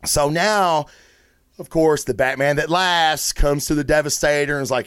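A man hosting a comic book review show, talking in a casual, rambling, excitable way and swearing freely. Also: fairly high pitch, moderate pace, no room sound, clean studio sound. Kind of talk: casual solo review talk.

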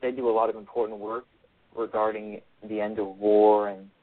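A man's voice: lowish voice, little pitch movement, moderate pace, no echo. A male author giving a radio interview over the phone, earnest and repeating his phrases as he explains. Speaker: author and guest. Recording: tinny phone line.

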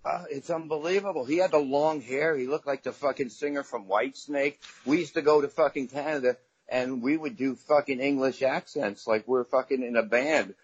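Husky man telling profane stories. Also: medium pitch, normal speed. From Staten Island, New York. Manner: profane, rambling anecdotes. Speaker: guest comedian. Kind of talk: casual podcast storytelling. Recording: dull lo-fi sound.

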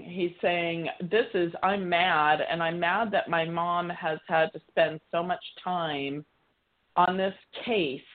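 A woman's voice: lowish voice, narrow, tinny audio. A woman psychic medium giving a live reading on a call-in show, chatty, relaying messages as quotes.

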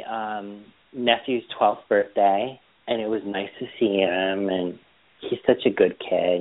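A man chatting casually as a podcast co-host, telling animated stories about his weekend. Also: fairly low pitch. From Boston area. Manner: chatty storyteller, animated retellings. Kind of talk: casual chat. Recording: tinny phone-line audio.

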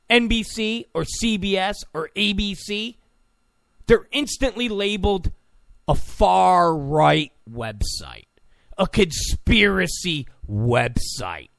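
A man's voice: high voice, gravelly, a bit bright, dry recording, studio quality. A man delivering a political opinion monologue in an emphatic, repetitive, ranting way. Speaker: political commentator.

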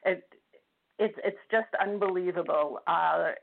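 An older woman calling in to a radio show, speaking in a halting, emotional way and close to tears. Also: lowish voice, vocal fry. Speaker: caller. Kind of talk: phone-in radio chat. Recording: tinny phone line.

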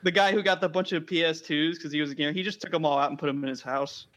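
A man's voice: a little high, steady tone, a bit bright. Chatty man laughing through stories. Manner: laughs often, quick storyteller. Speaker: podcast guest. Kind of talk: casual podcast chat.

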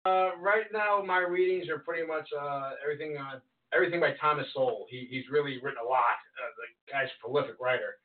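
A man co-hosting a casual podcast, making measured, reasoned points on politics and agreeing along. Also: a little high. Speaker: podcast co-host. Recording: distant, phone-like lo-fi line.

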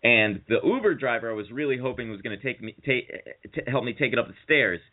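A man's voice: medium pitch, expressive, fast talker. Rambling man telling a story, tinny audio. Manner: rambling, profane anecdotes with acted-out quotes. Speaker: podcast co-host. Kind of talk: casual storytelling chat.

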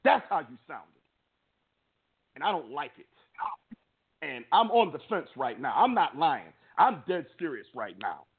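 A man co-hosting a sports podcast, delivering a heated, emphatic opinion rant with a husky voice and stammering restarts. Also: on the high side, sing-song, a little slow, pauses often, slight background noise. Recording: tinny phone-like audio.

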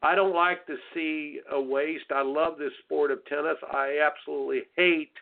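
Blunt folksy coach on a tinny line. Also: male voice, on the high side, steady tone, normal speed, vocal fry. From United States. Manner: blunt, folksy, preachy, mocking soft attitudes in sing-song asides. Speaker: tennis coach and radio host. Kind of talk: coaching advice talk on radio. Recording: tinny phone-line sound.

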